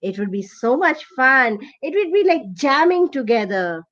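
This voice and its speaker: A woman's voice: high-pitched, sing-song, moderate pace, fairly bright tone, lo-fi sound. A woman voicing a friendly male frog who plays drums, speaking earnestly to his friend. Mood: affectionate. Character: friendly male frog drummer, fun-loving.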